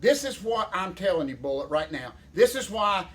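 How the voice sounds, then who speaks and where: A man in his fifties talks in a high register, folksy and excitable as he hosts. He rambles from one thing to the next in casual banter. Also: moderate pace. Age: 50s. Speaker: show host.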